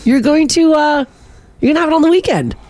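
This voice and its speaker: A woman's voice: high-pitched, animated, fast, a little mellow, dry recording. A woman co-hosting a radio show, chatting and reading listener texts. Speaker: radio co-host. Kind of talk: casual chat.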